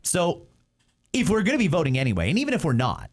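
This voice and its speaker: A man's voice: on the high side, wildly swooping pitch, fast. A man from Canada hosting a talk show, giving passionate, emphatic political commentary. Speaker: show host. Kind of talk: opinionated talk show discussion.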